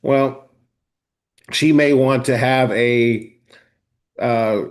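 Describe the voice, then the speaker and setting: A man hosting a live online class, talking viewers through software step by step in a casual, chatty way. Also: mid-range voice, fairly even intonation, drawn-out words. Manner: casual, talks to viewers directly, thinks aloud while clicking. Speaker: host of a software training session. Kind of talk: live screen-share walkthrough.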